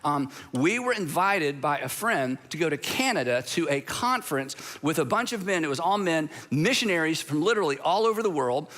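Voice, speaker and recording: A man's voice: fairly high pitch, expressive, a little fast, hardly any pauses, a bit bright. A man from Georgia in the United States preaching a sermon as pastor, telling stories in a conversational way with humorous asides. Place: church auditorium.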